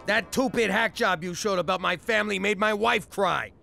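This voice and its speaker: A crude tough-talking official. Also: male voice, sits high, normal speed, gravelly, sharp tone, faint music behind, heavily acted. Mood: blustering. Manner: tough-guy gangster bluster, ungrammatical. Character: blustering middle-aged tourism official, crude and dim.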